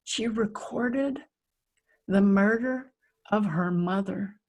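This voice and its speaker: A middle-aged woman, a resilience coach, telling a personal story in an interview in a vivid, animated way that acts out the scenes. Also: mid-range voice, slow pace.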